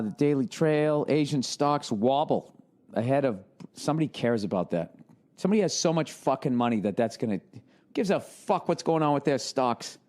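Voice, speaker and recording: Profane, rambling American man in his forties. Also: medium pitch. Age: 40s. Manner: profane, animated storytelling with frequent restarts. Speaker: podcast host. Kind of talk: rambling comedic monologue.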